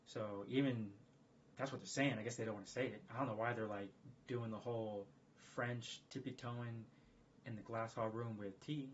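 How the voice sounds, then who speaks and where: A man talking casually on a livestream in a rambling, profane, excitable way. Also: medium pitch, moderate pace, slight background noise. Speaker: streamer. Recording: dull lo-fi stream audio.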